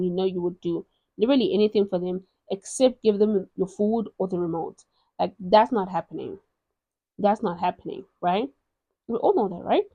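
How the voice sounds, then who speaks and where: South african lady gushing about sad books, expressive and dramatic, mellow tone, dry sound. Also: medium pitch, no echo. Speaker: book reviewer. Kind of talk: casual chat. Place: at home, in a gown.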